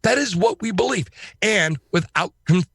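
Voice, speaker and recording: A man talking as a podcast guest, his voice a bit high and leaping up and down as he gets worked up. He speaks emphatically and swears casually, heard close and dry with no room sound. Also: normal speed, vocal fry, husky, no room sound. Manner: emphatic, excitable, swears freely.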